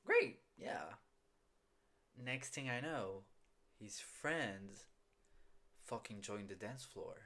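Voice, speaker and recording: A man's voice: lowish voice, lively intonation, very slow, pauses often, sharp tone. A man hosting a podcast, telling a story casually and profanely, often laughing at himself. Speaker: podcast host. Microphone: phone.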